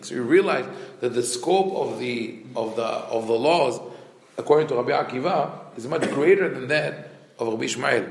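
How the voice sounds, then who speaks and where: Gravelly rabbi teaching in an echoey room. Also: male voice, mid-range voice, normal speed. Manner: animated, asks rhetorical questions, frequent restarts. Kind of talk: Torah class lecture.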